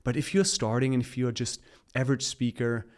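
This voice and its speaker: A man's voice: medium pitch, steady tone, brisk, a little mellow. A man chatting as a guest on a casual podcast, upbeat and coaching in tone, laughing often as he talks.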